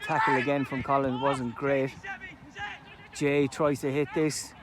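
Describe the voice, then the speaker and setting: A man giving live play-by-play commentary at an amateur football match outdoors, chatty between plays and loud at goals. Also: mid-range voice, flat delivery, unhurried, heavy background noise. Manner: chatty play-by-play, erupts loudly at goals and chances. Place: outdoors at a sports ground.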